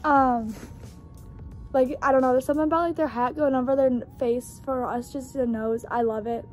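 A woman's voice: sits high, fairly even intonation, moderate pace, darkish tone, faint music behind. A young woman chatting casually in a home vlog, gushing and swearing freely, with lots of "like"s. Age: young adult. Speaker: vlogger.

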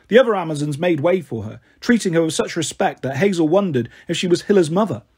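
A man narrating a storybook aloud with a steady, dramatic reading. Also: a little high, slightly rough.

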